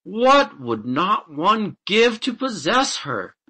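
A man voicing a greedy, boastful young farmer who speaks slowly and indignantly. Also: mid-range voice, big pitch swings, pushed and bright, heavily acted. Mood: demanding. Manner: slow, demanding, indignant.

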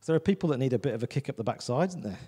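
A man gives a sermon in a church with a mellow, warm tone. He talks loosely and personally, stopping often to check in with the congregation. His pitch sits in a middle range. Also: expressive, very fast, slightly rough, in a large hall. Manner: conversational, repeats "do you know what I mean". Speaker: visiting preacher.

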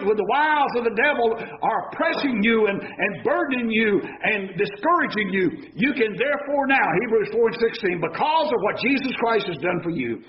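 A man preaching a sermon as an elder, swinging between raised shouts and hushed low tones, and asking the congregation questions that he answers himself. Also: muffled recording, slight background noise.

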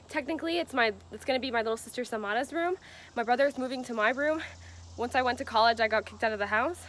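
A woman's voice: on the high side, a bit bright. A young woman from Georgia in the US, vlogging in a chatty, rambling way, slightly nasal from a cold. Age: young adult. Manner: chatty and rambling, with frequent fillers. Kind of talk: casual chat to camera. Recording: noisy background.

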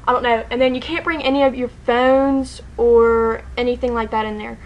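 A woman tells a story straight to camera in a loose, casual vlog. Her voice sits a bit high, and she rambles excitedly, with filler words everywhere and laughter breaking through. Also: moderate pace, lo-fi sound, a little hiss or hum. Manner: excited, rambling, heavy use of "like", frequent laughter. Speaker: fan telling a story.

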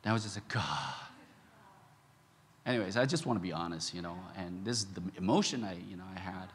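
A man preaching a sermon as a pastor, telling a personal story with laughter, swinging from loud shouts to hushed, quiet moments. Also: low voice, very fast, big-room sound, slight background noise. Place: large church hall.

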